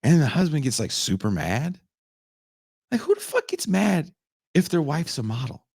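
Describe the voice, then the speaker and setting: A man's voice: a little high, big pitch swings, a little mellow, slightly rough, dry recording, clean studio sound. A young man hosting a podcast, retelling a film's plot in a profane, sarcastic way and briefly acting out the characters. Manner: profane, sarcastic, acts out characters in quick voices. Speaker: podcast host reviewing a film. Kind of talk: casual comedic retelling.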